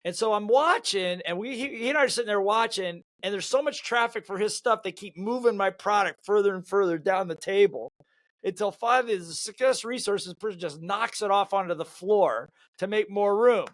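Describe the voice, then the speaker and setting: An older man, a sales trainer and author, tells lively anecdotes in an interview and laughs at his own stories. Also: high voice, fairly quick, no room sound. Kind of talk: storytelling in an interview.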